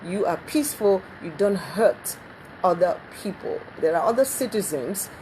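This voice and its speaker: A woman hosting a live talk show, speaking haltingly with many ums and restarts. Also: mid-range voice, animated, dark tone, a little hiss or hum, poor audio. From Nigeria.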